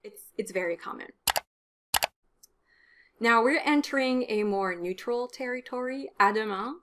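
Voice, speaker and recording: A woman whose first language is French, teaching French words in a video lesson with a clear, explanatory delivery and casual asides. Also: on the high side, measured pace, noisy background.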